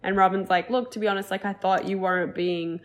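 A young woman co-hosting a podcast, retelling events in an animated, casual way with many fillers. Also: mid-range voice, brisk. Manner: animated storytelling, heavy use of "like". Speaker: podcast co-host. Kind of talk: casual chat.

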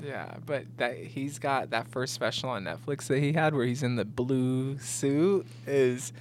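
A man's voice: medium pitch, a little slow, slight background noise. A young man co-hosting a podcast, chatting casually, swearing often and mimicking voices for laughs. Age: young adult. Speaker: podcast co-host. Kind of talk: casual chat.

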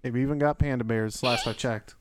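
A man's voice: mid-range voice, fairly even intonation, brisk, heavy background noise. A man hosting a casual family podcast, asking his kids easygoing questions. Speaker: podcast host, dad.

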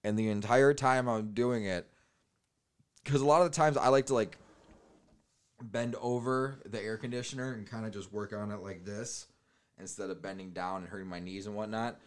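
Smooth-voiced man telling crude stories. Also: fairly low pitch, fairly even intonation, normal speed. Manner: crude, laughing, acts out other voices. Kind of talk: casual crude storytelling.

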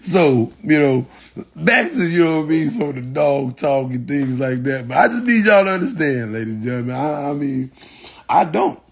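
A man's voice: a little high, sing-song, moderate pace, breathy edge. A man ranting bluntly and profanely to his viewers in casual talk, repeating "you know what I'm saying" and breaking into laughter often. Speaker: social media personality.

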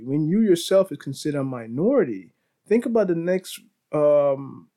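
Man, podcast host, rambling casual storyteller, slightly high voice. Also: dark tone. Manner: rambling with restarts, laughs, says bro.

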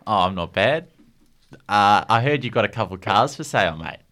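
Aussie bloke caller for a prank, man putting it on, deep and bright, slangy. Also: expressive, a little fast. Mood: casual. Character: made-up adult male caller, Aussie bloke.

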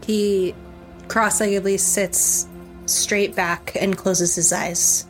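A woman's voice: medium pitch, slow, faint music behind. Chatty woman game master. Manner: relaxed, chatty narration with fillers. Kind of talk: narrating a tabletop game.

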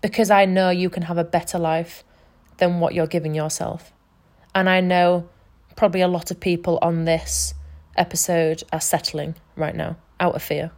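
A woman's voice: on the low side, flat delivery, moderate pace, darkish tone. A young woman hosting her own podcast, talking earnestly and emphatically about changing her life, swearing freely as she goes. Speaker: podcast host and life coach. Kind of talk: casual motivational monologue.

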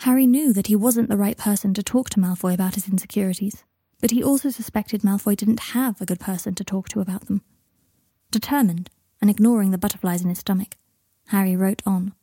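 A woman narrating a story aloud in a calm, even storytelling manner. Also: mid-range voice, brisk, no echo. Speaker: reader. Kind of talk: audiobook narration of fiction.

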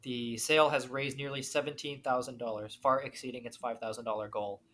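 A woman's voice: very deep voice, fairly even intonation, brisk, a bit bright. A woman co-hosting a casual podcast, profane and jokey, reading news aloud between gags. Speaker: podcast co-host. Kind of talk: casual chat.

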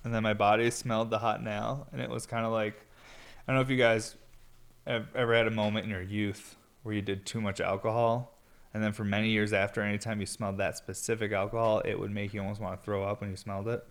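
A man's voice: fairly low pitch, level tone, quick pace. A young man hosting a solo podcast, rambling in a laid-back, stoned way, full of filler words and casual swearing. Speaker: podcast host and glass blower.

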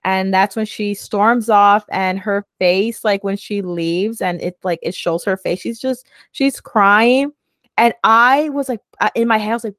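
A woman's voice: medium pitch, normal speed, dry recording. A woman co-hosting a casual chat, recapping a TV drama and acting out the characters' lines with energy. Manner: animated, acts out characters' lines while recapping. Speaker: podcast co-host discussing a TV drama.

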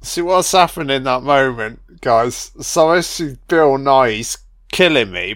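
Guy doing a casual movie commentary, swears a ton, slangy, gets all excited, laughs a lot, average pitch. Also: unhurried. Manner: excitable and heavily profane, with laughter; slangy, calls listeners man, son and baby. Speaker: film commentator.

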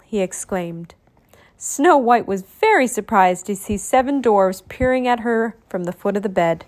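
A woman's voice: mid-range voice, moderate pace, darkish tone. Woman steadily reading a storybook. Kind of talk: scripted storybook narration.

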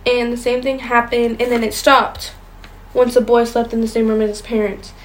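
High-voiced young woman reading ghost stories. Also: level tone, normal speed, a little hiss or hum, low-quality recording. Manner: chatty, stumbles over words while reading. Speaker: podcast co-host. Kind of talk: casual chat, reading ghost stories aloud.

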